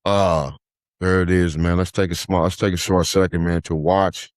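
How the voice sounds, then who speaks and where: Male podcast host, low voice, loose chatty commentary, heavy "man" and "uh" filler, dry recording. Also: level tone, moderate pace, no echo. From United States. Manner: says "man" after nearly every phrase, many "uh" fillers. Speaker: podcast host, life coach.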